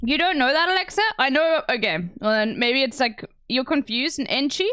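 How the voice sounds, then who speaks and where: A woman's voice: sits high, animated, brisk, sharp tone, clear, resonant tone, no echo, studio quality. A woman streaming, chatting casually and laughing often. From South Africa. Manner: giggly, chatty, laughs a lot. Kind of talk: casual chat.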